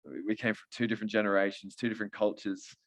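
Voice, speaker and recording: A man preaches in a relaxed, joking, conversational way. His voice sits very low and deep throughout. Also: quick pace. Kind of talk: sermon.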